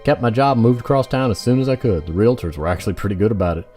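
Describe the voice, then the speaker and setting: A sarcastic male protagonist looks back on his ordeal in dry, wry narration, voiced by a man. His voice sits low but moves a lot, over game music. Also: lively intonation, very fast, a little mellow, lightly acted. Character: wary, sarcastic Irish-American man, stubborn.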